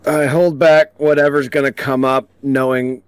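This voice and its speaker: A man playing a tabletop role-playing game, speaking in a slow, deliberate way. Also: medium pitch, little pitch movement, smooth, dry recording. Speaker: player.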